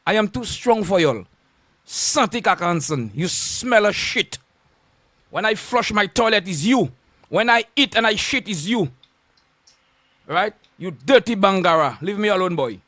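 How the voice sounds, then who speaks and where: A man's voice: sits high, animated, a little slow, pushed and bright, dry recording. A man with a Saint Lucian accent, a radio host delivering a confrontational on-air rant full of insults and repeated warnings.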